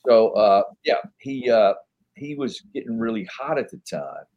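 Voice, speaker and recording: A man's voice: medium pitch, measured pace, highs cut off. A man, a podcast guest rambling through anecdotes with lots of fillers and voicing the people he quotes. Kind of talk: casual interview storytelling.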